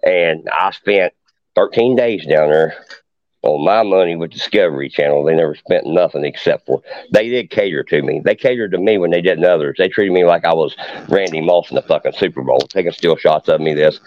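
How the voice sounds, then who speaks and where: A man's voice: deep voice, brisk. A middle-aged man, a podcast guest telling a long story in a boastful, profane hillbilly way. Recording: dull lo-fi podcast audio.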